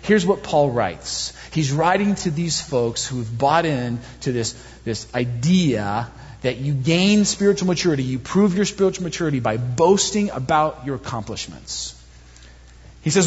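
A man in his thirties preaching a sermon as pastor, animated and self-deprecating, building points through repetition. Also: on the high side, measured pace, slightly rough. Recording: dull, long hall reverb.

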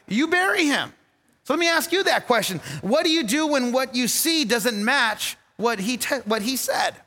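Man pastor preaching, very high voice, animated, repeats lines, echoey hall. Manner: animated, repeats lines for stress, laughs at own jokes. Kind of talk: sermon.

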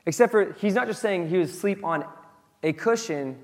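Casual preacher in an echoing hall. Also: male voice, a little fast. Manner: casual, swings from loud excited asides to soft low reflection. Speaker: pastor. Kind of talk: sermon.

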